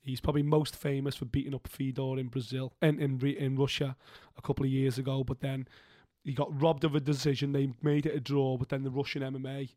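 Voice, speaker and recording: A man co-hosting a boxing podcast, giving animated, jokey opinions with plenty of swearing. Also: medium pitch, fairly quick, hardly any pauses, dry recording, studio quality. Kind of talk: casual banter.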